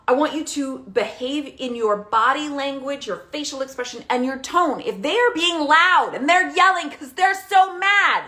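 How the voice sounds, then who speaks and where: A woman coaching parents directly, animated and emphatic, often checking in with a quick "okay?". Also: sits high. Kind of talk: direct-to-camera coaching talk.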